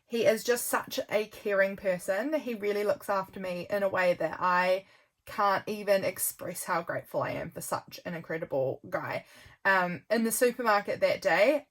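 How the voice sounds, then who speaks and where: A woman chatting casually while flipping through her journal, rambling with lots of "um" and "like", her voice worn out from a long filming session. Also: medium pitch. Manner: rambling, with frequent "um" and "like" and soft laughs. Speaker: junk journal vlogger.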